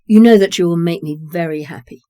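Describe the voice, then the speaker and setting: A reader voicing a kindly, reassuring farmer. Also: male voice, a little high, brisk, no room sound, clean studio sound, lightly acted. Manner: warm, reassuring and generous. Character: kindly grown man, a farmer, generous and reassuring. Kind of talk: reading dialogue in a short story.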